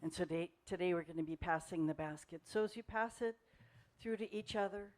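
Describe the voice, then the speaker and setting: A woman leading a spiritual service, gently guiding the congregation as the basket is passed. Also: lowish voice, brisk. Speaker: service leader. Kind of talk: announcing the offering.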